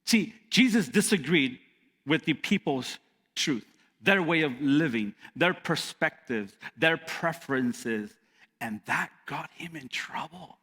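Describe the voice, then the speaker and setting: Animated high-voiced preacher in a reverberant hall. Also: male voice, breathy edge. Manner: animated, repeats lines for emphasis. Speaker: pastor. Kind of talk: sermon. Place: church hall.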